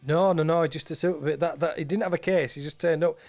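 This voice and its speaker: A man's voice: fairly high pitch, steady tone, a little fast, darkish tone, soft background music. A man presenting local radio, chatting casually and rambling, often repeating and restarting his words.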